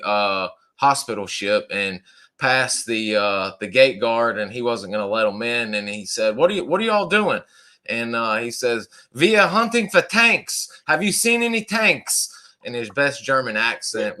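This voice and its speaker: A podcast host with a fairly low, pushed, bright voice chats casually. He leans on lots of fillers and uses the Southern "y'all."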